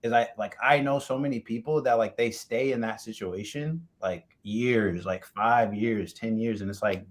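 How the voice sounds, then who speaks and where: An American man hosting a casual interview, animated and jokey, often mimicking other people's voices. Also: lowish voice, moderate pace. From United States. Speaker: podcast host.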